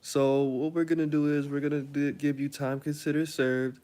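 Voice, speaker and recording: A man voicing a stern female judge who lectures a defendant in a measured, scolding way. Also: on the high side, level tone, mellow, voice pushed up, natural voice. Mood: lecturing. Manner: measured, scolding, then casual and slangy.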